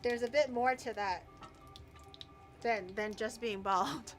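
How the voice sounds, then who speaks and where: A woman's voice: fairly high pitch, slow pace, soft background music. Chatty woman streamer cooking, swearing freely. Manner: chatty, swears, stutters and repeats words. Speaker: vtuber streamer. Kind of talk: casual cooking stream chat. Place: home kitchen.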